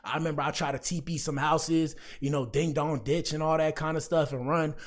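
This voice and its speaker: A man's voice: a little high, steady tone, brisk. A man talking casually to his chat as a livestream commentary host, rambling and slangy. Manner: rambling, slangy, addresses chat often with "bro".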